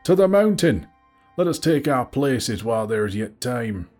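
Man doing a commanding warrior leader, shouted orders, deep, husky, audiobook. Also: steady tone, unhurried, soft background music. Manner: loud commanding calls, accent attempt. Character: shouting male warrior leader rallying troops.

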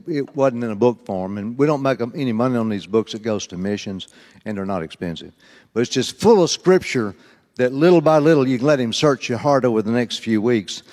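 A man preaching, telling a folksy, animated story and rising high when quoting others. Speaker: pastor. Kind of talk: sermon storytelling. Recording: long hall reverb.

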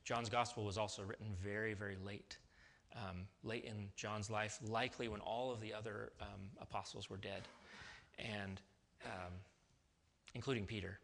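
Bright-voiced man preaching conversationally. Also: lowish voice, level tone, normal speed, vocal fry. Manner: conversational, with restarts and sudden emphatic rises. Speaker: pastor. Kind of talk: sermon.

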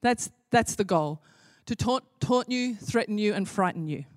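A woman's voice: medium pitch, expressive, normal speed, dry recording. Impassioned woman preacher, dry close sound. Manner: impassioned, building to emphatic repetition. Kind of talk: sermon.

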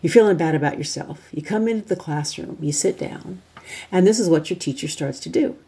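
Woman presenter, lowish mellow voice, chatty step-by-step teaching. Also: brisk. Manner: chatty, walks listeners through an exercise step by step. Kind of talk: instructional talk.

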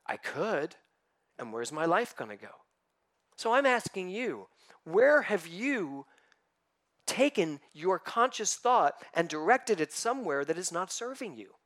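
A man's voice: high-pitched, big pitch swings, a little slow, a bit bright. A man giving a spiritual sermon, emphatic and building to fervent passages, acting out inner voices in quotes. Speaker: spiritual teacher.

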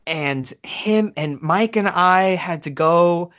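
A man co-hosting a casual podcast rambles through a long story, full of fillers and swearing. His voice is high and fairly bright, and he speaks slowly.

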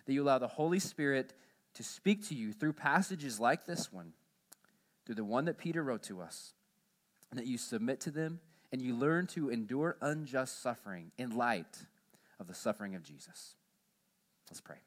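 A man preaching a sermon in church as pastor, who pushes his voice higher and louder on key points and then drops low and quiet to close them. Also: animated, moderate pace.

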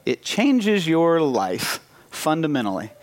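A man in his thirties preaching a sermon, telling a lively personal story and acting out the dialogue as he goes. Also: fairly high pitch, takes it slowly. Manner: animated storytelling with acted-out dialogue. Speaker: pastor.

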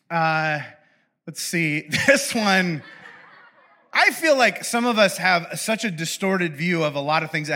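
A man's voice: fairly high pitch, bright, forceful tone. A young adult man giving a casual, humorous sermon as pastor. He is chatty and playful and often interrupts himself.

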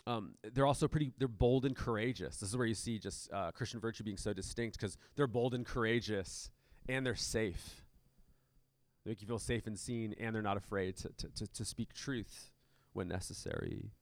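A man preaching from a church stage, his voice sitting low and pretty dry up close on the mic. He talks in a loose, conversational way, full of ums and restarts. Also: moderate pace, dry recording. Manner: conversational, many fillers and restarts. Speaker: pastor. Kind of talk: sermon.

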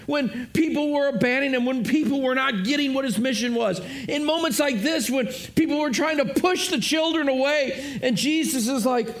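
High-voiced earnest male preacher. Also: fairly bright tone. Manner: earnest, repeats himself, addresses listeners directly. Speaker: pastor. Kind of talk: sermon.

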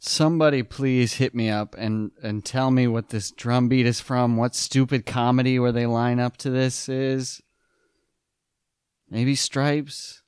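A man's voice: mid-range voice, fairly even intonation, measured pace, darkish tone, clean tone, no room sound, clean studio sound. Wisecracking man riffing on a movie. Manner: wisecracking, sarcastic asides. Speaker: movie riffer. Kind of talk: riffing commentary over a movie.

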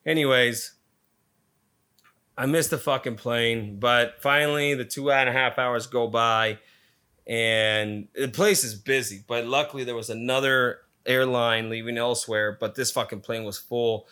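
A man's voice: medium pitch, fairly even intonation, a little slow, pushed and bright, clean tone. A man casually telling a story, swearing constantly and retelling it with energy.

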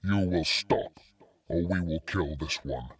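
A man's voice: low voice, a little slow, no echo, voice pushed down. A man narrating an audiobook voices a huge, scarred alien spider leader who speaks in a stilted, impenetrable way. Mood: menacing.

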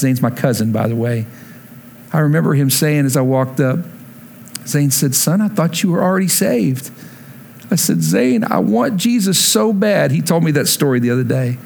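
A man preaching a sermon to a congregation, telling his own conversion story and climbing to emphatic peaks before dropping low and slow. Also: darkish tone, slight background noise. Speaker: pastor. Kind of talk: sermon with personal testimony. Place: church sanctuary before a congregation.

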